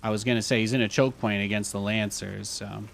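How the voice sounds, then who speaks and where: A man in his thirties gives loose, chatty commentary while he plays a strategy game live. His voice sits low and has a gravelly edge to it. He repeats himself often and now and then gets heated. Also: steady tone, fairly quick, a bit bright. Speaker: streamer playing a strategy game.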